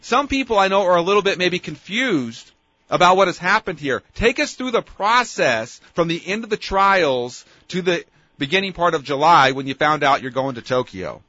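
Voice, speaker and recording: A man's voice: sits high, lively intonation, moderate pace, bright, forceful tone, no room sound, lo-fi sound. A male radio host asking questions in a friendly, folksy manner. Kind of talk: radio interview.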